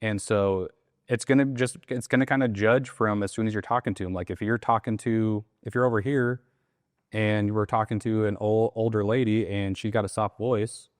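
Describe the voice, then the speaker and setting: Animated, lower-voiced man coaching sales. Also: moderate pace, no echo, clean studio sound. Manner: animated, acts out soft and loud sales calls. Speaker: sales trainer. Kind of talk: conversational coaching interview.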